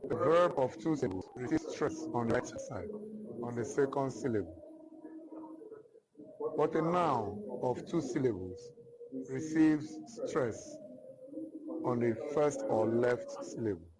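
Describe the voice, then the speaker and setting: A man with a Nigerian English accent teaching a literature lesson, speaking slowly and repeating each definition several times. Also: medium pitch, animated, over music, poor audio. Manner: slow and repetitive, restating definitions. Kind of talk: classroom lecture.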